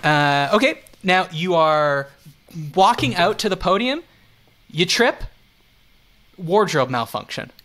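A man's voice: sits high, takes it slowly, long pauses. A man from Montreal hosting a podcast, chatting casually and laughing as he sets up his questions. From Montreal, Canada. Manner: animated, laughs while setting up questions. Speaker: podcast host.

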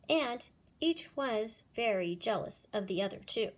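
A woman reading a children's picture book aloud, with an expressive sing-song delivery. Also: a little high, unhurried, few pauses, a little hiss or hum. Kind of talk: storybook read-aloud.

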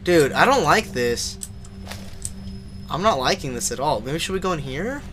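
A young man with a slightly high, sing-song voice live-streams a horror game at a normal pace while music plays behind him. He's jumpy, swearing and yelping when scared, then chatting with his viewers.

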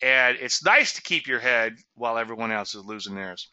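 A man's voice: medium pitch, expressive, moderate pace, sharp tone, clear, resonant tone, dry recording, dull audio. A middle-aged man from Louisiana giving trading commentary in a chatty webinar, with sarcastic asides and a habit of tagging "okay?" onto points.

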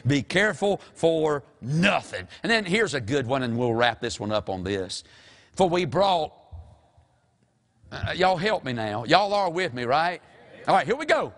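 Animated folksy preacher, older man. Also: on the high side, moderate pace. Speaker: pastor. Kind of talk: sermon.

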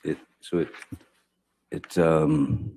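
A man giving courtroom testimony as a witness, speaking haltingly with many restarts and fillers. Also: a bass voice, flat delivery, dark tone. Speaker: trial witness.

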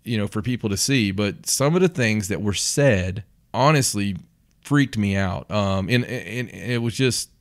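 A man with a lowish voice hosts a casual podcast interview. He rambles a bit and hesitates as he sets up his questions. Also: a little slow. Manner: hesitant, rambling, lots of fillers and restarts. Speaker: podcast host.

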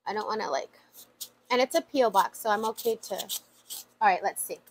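A woman's voice: medium pitch, brisk, husky. A woman vlogger chatting casually while opening mail, emotional and full of fillers. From USA. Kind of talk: casual chat.

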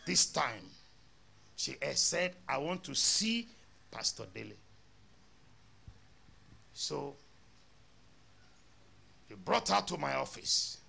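A man's voice: medium pitch, very animated, slow pace, creaky, long pauses, pushed and bright, slightly rough. A male pastor, telling a story in a sermon and acting out both sides of the dialogue.

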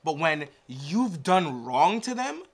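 A man's voice: a little high, takes it slowly. A man hosting a reaction video, joking and swearing in casual commentary. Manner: animated, profane, joking.

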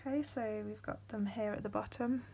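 Soft-spoken woman teaching a craft. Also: mid-range voice, steady tone, fairly quick, creaky, husky. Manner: soft-spoken, many ums, often drops to a whisper. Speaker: beading tutorial host. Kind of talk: step-by-step craft tutorial.

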